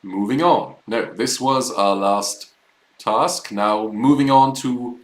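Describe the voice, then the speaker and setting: A man's voice: mid-range voice, slow pace, roomy sound, rough recording. A man teaching a live online German class, explaining words patiently step by step.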